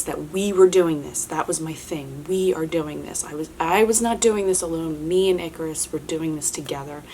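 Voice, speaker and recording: A woman's voice: sits low, darkish tone, a little hiss or hum. A young woman vlogger chatting candidly as she answers viewer questions, with lots of filler words and restarts. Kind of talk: casual chat.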